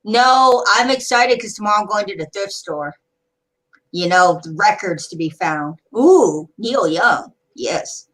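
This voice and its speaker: A woman chatting with friends, talkative and eager. She jumps in readily and keeps the talk moving. Her voice sits at an ordinary middle pitch. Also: animated, unhurried, a bit bright, poor audio. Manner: chatty and enthusiastic. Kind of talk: casual group video chat.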